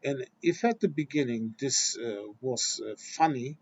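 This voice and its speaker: A man's voice: medium pitch, measured pace, highs cut off, a little hiss or hum. A man delivering a blunt, exasperated opinion rant to his viewers, swearing and restarting his sentences. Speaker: vlogger.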